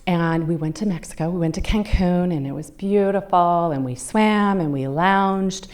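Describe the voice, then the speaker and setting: A woman's voice: on the low side, normal speed, darkish tone. A woman in her fifties giving a talk as a guest speaker, telling a personal story in a conversational way and acting out the people she quotes. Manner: conversational, acts out quoted voices. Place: club meeting room.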